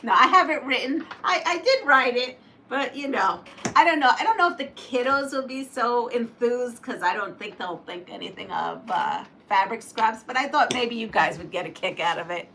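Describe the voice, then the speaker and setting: A woman hosting a quilting livestream, reading out a homemade story and chatting with viewers, animated and laughing at her slips. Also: a little high, normal speed, a little hiss or hum. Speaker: quilting channel host.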